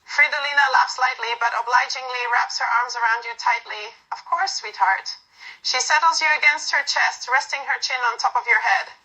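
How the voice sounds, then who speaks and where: Bright-voiced woman reading a fan script. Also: a little high, fairly even intonation, low-quality recording. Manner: quick narration with stumbles and filler uhs. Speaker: narrator. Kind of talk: casual reading of a fan role-play script.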